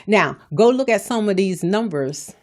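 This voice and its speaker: A woman's voice: medium pitch, lively intonation, measured pace, darkish tone. A woman, hosting a podcast in a blunt, folksy, sermon-like way, scolding with humor. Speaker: podcast host. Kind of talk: preachy motivational talk.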